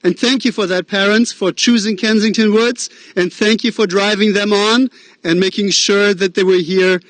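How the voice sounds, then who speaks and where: A man's voice: high-pitched, steady tone, moderate pace, a bit bright, no echo. A man, a school principal with a Midwestern American accent, giving an earnest, encouraging graduation welcoming address with fillers and self-deprecating asides. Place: outdoor drive-in graduation ceremony.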